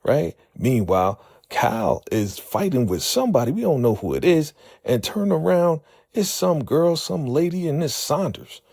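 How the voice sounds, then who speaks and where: A man giving a casual episode recap, an animated storyteller who uses slang. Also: a little high, normal speed, vocal fry, no echo, clean studio sound. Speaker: TV recap vlogger.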